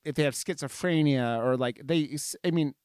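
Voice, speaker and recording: A man's voice: on the high side, moderate pace, a little mellow, smooth, no room sound. A man co-hosting a casual film review podcast, rambling with lots of fillers and restarts. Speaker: podcast co-host.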